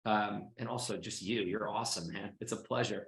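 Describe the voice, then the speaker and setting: A man's voice: lowish voice, steady tone, brisk, vocal fry, a bit bright, a little hiss or hum. A male podcast host from Boston, effusive and friendly, with plenty of filler words as he wraps up and thanks his guest. His voice carries a noticeable roomy echo. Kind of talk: casual interview chat.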